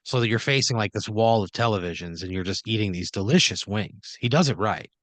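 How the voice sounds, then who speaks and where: A comedy podcast host tells an improvised story in a voice on the low side, speaking a little fast and rambling with plenty of "like" and "you know." He sets the scene with fillers and acts out quotes. The recording is dry.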